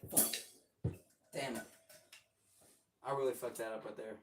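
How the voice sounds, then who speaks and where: A man's voice: mid-range voice, steady tone, unhurried, faint music behind. A young man chatting casually while practicing drums, rambling and cheering himself on with casual swearing. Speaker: drummer streaming practice. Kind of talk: casual practice-session chat. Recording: roomy, distant mic, faint noise.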